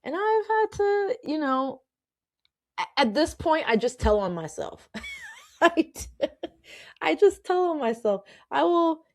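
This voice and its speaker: A woman's voice: sits high, wildly swooping pitch, slow pace, long pauses. A woman hosting a podcast, telling her own work stories in a chatty, emphatic way, often checking in with "okay?" and laughing. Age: adult with children. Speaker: podcast host. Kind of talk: casual storytelling monologue.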